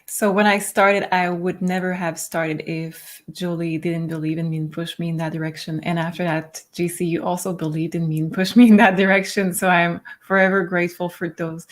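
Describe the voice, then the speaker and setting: Shy, soft-spoken woman reader. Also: lowish voice, level tone. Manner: shy, slow and careful, grateful. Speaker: tarot reader. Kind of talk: livestream talk.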